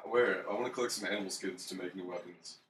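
A young man on a gaming podcast, relaxed and easily amused, muttering as he plays. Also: sits low, quick pace, far from the mic. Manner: laid-back, laughs easily, mutters while playing. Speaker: podcast co-host. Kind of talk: casual gaming chat. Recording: roomy echo, off-mic.

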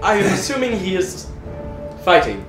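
A man's voice: high-pitched, huge pitch swings, moderate pace, roomy sound, distant mic, loud music behind the voice. A man playing a tabletop game, joking and laughing. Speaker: player. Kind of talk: casual tabletop play.

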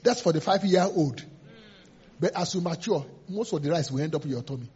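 A man's voice: on the high side, expressive, brisk, darkish tone, breathy edge. A man preaching a sermon as pastor, emphatic and repetitive, sometimes laughing and acting out voices. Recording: dull lo-fi sermon recording.

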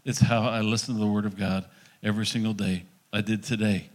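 A man's voice: fairly low pitch, flat delivery, brisk. A middle-aged male pastor giving a conversational sermon, acting out little dialogues as he teaches.

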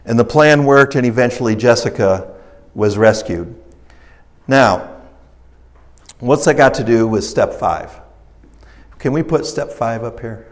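A man's voice: medium pitch, measured pace, pauses often. A man preaching a recovery sermon in a conversational, folksy storytelling style, rising in emphasis and acting out the characters in his stories. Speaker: pastor leading a recovery ministry.

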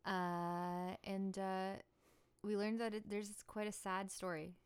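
A woman's voice: medium pitch, little pitch movement, slow, clean tone. A young woman hosting a podcast, telling stories in a playful, rambling, giggly way. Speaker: podcast host and musician. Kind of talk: casual chat.

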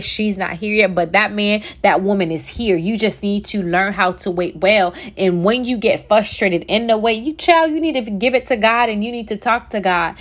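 A young woman with a drawl hosts a faith podcast. Her voice sits a little low, and she moves between casual chat and preaching, speaking straight to her listeners. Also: fairly bright tone. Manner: chatty, preachy, addresses listeners as y'all. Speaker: podcast host. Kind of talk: faith-based podcast monologue.

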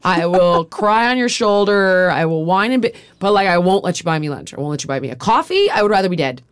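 A woman's voice: on the low side, animated, brisk, clean tone, no echo. A woman hosting a podcast, talking in a candid, rambling, profane way with frequent restarts. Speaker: podcast host. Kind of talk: casual podcast chat.

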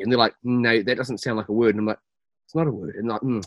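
A man, telling animated stories and laughing often as a podcast co-host. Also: on the low side, very fast, no room sound. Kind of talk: casual banter.

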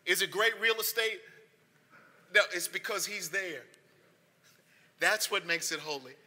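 High, bright-voiced male pastor preaching. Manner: conversational preaching, rising to emphatic repeats. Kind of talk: sermon. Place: church sanctuary. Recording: long hall reverb.

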